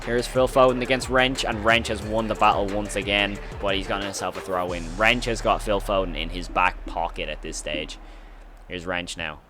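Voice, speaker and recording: A man giving excited play-by-play commentary on his own football video game match, breaking into shouts and squeals when goals go in. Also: on the low side, moderate pace, soft background music. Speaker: gaming YouTuber.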